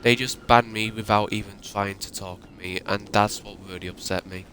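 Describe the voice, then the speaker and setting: A man's voice: fairly low pitch, fairly even intonation, moderate pace, sharp tone, a little hiss or hum. A man ranting in an upset, emotional way and swearing often, as a YouTuber talking to his viewers. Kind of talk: ranting monologue.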